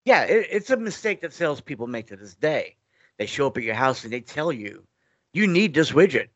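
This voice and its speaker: A man's voice: medium pitch, lively intonation, a little fast, no room sound, lo-fi sound. A middle-aged man, a guest telling stories in a loose, rambling way, often restarting his sentences. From New York. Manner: rambling, restarts often, acts out quoted dialogue. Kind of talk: casual interview storytelling.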